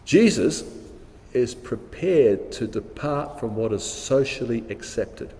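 Slow, reflective New preacher. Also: male voice, mid-range voice, lively intonation, warm tone, big-room sound. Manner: reflective, questioning, repeats words for emphasis. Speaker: pastor. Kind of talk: sermon.

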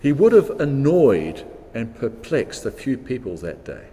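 A man's voice: mid-range voice, sing-song, measured pace, few pauses, warm tone, big-room sound. A man, preaching a sermon in a reflective, questioning way, repeating words for emphasis. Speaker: pastor.

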